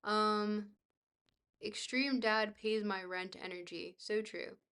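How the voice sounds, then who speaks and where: A woman reading a book aloud to her livestream chat, at an ordinary middle pitch. She catches on long words and restarts them. She drifts into casual asides to her viewers between passages. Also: fairly even intonation, a bit bright, clean tone. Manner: reads aloud haltingly, tripping over long words, chatty asides to viewers.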